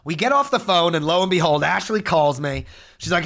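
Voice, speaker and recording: High, bright, ranting young man. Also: a little fast, vocal fry. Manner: animated, profane ranting storyteller. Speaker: streamer. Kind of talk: casual chat.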